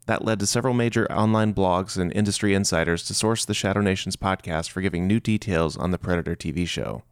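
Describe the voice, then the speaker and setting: A man reading a scripted podcast intro in a steady, measured way. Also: low voice, smooth, dry recording, clean studio sound. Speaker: announcer.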